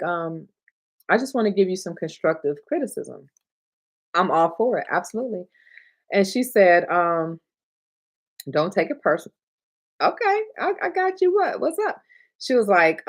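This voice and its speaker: Chatty Michigan woman hosting a livestream. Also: fairly low pitch. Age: 30s to 40s. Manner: chatty, warm, talks to chat, laughs often, gets emotional. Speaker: livestream host, notary signing agent trainer. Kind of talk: casual livestream chat.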